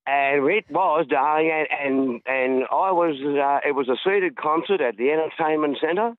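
Aussie bloke on a tinny phone line, slightly high voice, chatty and rambling. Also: male voice, measured pace, no echo. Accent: Australian. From Australia. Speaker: caller. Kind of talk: phone-in radio chat.

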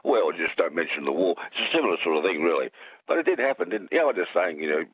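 A man's voice: low voice, very animated, fast, husky, no room sound. An Australian man calling in to a radio show, rambling and joking. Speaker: caller. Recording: tinny phone line.

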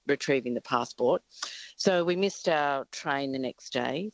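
A middle-aged Australian woman calling in to a radio show, telling a travel story in a lively, chatty way with frequent laughs. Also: a bass voice, no echo. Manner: lively anecdotal, laughs often. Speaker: caller. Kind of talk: casual storytelling on the phone. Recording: muffled phone line.

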